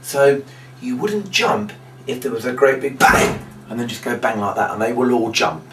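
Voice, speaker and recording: A man's voice: mid-range voice, animated, normal speed. A man, a magician, teaching a trick step by step in a chatty instructional demonstration. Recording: roomy, distant mic, faint background noise.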